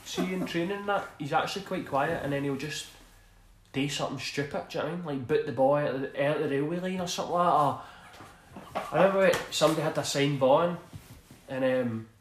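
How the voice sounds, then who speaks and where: A man's voice: on the high side, quick pace, roomy sound, slight background noise. A Scottish man in his thirties, a former footballer, telling rambling stories in a casual interview and laughing often. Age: 30s. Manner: rambling, laughs often, says "do you know what I mean". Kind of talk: casual storytelling.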